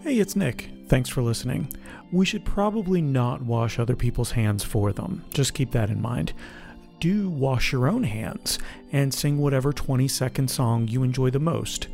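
A man co-hosting a podcast, talking in a relaxed, chatty way with lots of fillers. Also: mid-range voice, normal speed, vocal fry, soft background music. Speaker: podcast co-host. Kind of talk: casual chat.

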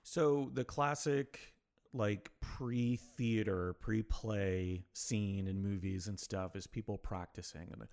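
A man's voice: fairly low pitch, steady tone, slow pace, a little mellow. A man co-hosting a casual podcast chat, wry and self-deprecating. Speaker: podcast co-host.

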